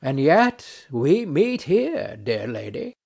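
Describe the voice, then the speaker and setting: A man's voice: mid-range voice, sing-song, takes it slowly, gravelly, darkish tone, breathy edge, pitched below the performer's own voice, exaggerated voice. A man reading a play aloud, voicing a weary, ironic nobleman who speaks in a dry, mocking, philosophical way. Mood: weary, brooding. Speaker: audiobook narrator.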